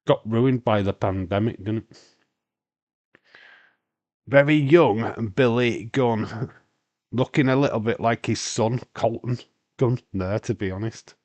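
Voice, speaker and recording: A man's voice: mid-range voice, slow, long pauses, darkish tone, dry recording. A man with a Yorkshire accent hosting a casual wrestling watch-along stream, rambling on and answering chat questions with lots of fillers.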